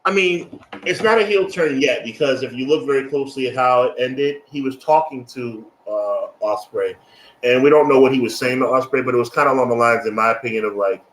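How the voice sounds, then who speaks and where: A man's voice: mid-range voice, a little fast. A man co-hosting a podcast, chiming in with short agreements and sharing his take on a wrestling show. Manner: short agreeing replies, then an opinion. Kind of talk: casual wrestling review chat. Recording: roomy audio with faint ambient noise.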